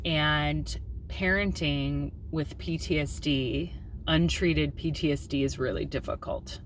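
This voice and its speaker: Woman, thirties, mom vlogger, lowish voice, confessional, candid, faint background hiss. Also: fairly even intonation, slow pace. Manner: open and confessional, with filler ums and self-deprecating laughs. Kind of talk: candid personal vlog.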